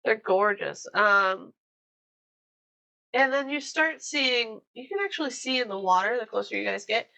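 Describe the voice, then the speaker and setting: A woman's voice: fairly high pitch, lively intonation, measured pace, creaky, bright, forceful tone, low-quality recording. A woman narrating a tabletop role-playing game as game master, giggling often between scenes.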